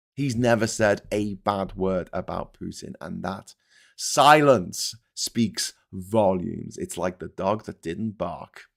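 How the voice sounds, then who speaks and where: A British man hosting a casual political commentary show, talking in a lively, rambling way with frequent swearing and restarts. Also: fairly low pitch, creaky. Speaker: host of a live commentary show.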